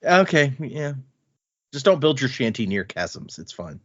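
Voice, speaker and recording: A man's voice: mid-range voice, big pitch swings, measured pace, no room sound, muffled recording. A man co-hosting a podcast, casually and animatedly retelling chapters of a book. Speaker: podcast co-host.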